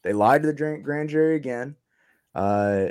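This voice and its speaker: A man's voice: medium pitch, moderate pace, a little mellow, clean tone. A man telling his story as an interview guest in casual chat, loose and profane, trailing off with ums and short laughs.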